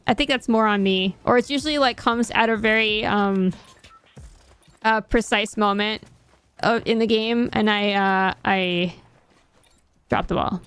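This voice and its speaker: A woman's voice: medium pitch, unhurried, long pauses, fairly bright tone, smooth, no room sound. A woman streaming a game, chatting casually with her chat in a rambling, self-deprecating way.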